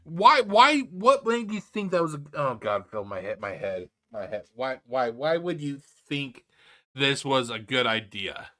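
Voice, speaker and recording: Exasperated, bright-voiced ranting man. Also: medium pitch, sing-song, measured pace. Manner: exasperated, profane, opinionated rant. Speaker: reaction video commentator. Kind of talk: unscripted reaction commentary.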